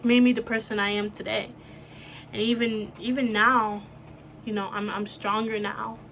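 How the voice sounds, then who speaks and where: A young woman talking to camera about a close friend, speaking softly and haltingly with many fillers. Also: medium pitch, little pitch movement, gravelly, slight background noise. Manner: soft, halting, full of fillers like "you know". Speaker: vlogger. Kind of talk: emotional personal talk to camera.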